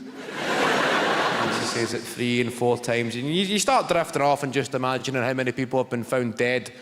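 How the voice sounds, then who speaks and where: A man's voice: mid-range voice, normal speed, background noise. A Scottish man performing stand-up, telling wry, self-mocking stories. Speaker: stand-up comedian. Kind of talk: stand-up routine. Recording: live hall with loud crowd.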